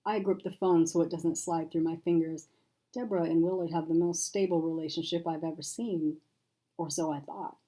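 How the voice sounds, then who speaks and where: A woman author reads her own novel in first person, with a measured, expressive delivery. Her voice is mellow and somewhat low. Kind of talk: first-person audiobook narration.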